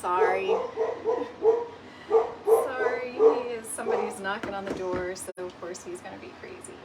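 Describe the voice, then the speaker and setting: A woman's voice: medium pitch, normal speed. A woman hosting a casual craft livestream from home, a little out of breath, chatty and greeting viewers by name. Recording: distant mic with clear background noise. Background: dog barking.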